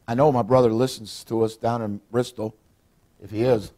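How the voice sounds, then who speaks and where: A man's voice: medium pitch, steady tone, moderate pace, dark tone. A middle-aged man preaching a folksy sermon as pastor, acting out what people say. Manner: folksy preaching, acts out quotes.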